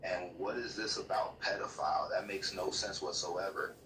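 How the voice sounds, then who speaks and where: Stiff synthetic man's voice, bright and roomy. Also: low-pitched, moderate pace, far from the mic, a little hiss or hum. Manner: stiff, lecturing, polite. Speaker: AI chatbot. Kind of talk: calm, formal replies. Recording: roomy speaker playback with faint TV.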